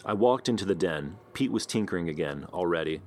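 A man narrating a first-person story in a wry, understated, deadpan way. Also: deep voice, fairly quick. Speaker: audiobook narrator.

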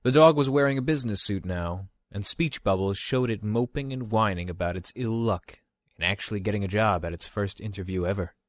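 A man reading an audiobook aloud in a measured, even storytelling manner. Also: lowish voice, no room sound. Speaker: narrator. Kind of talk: audiobook narration.

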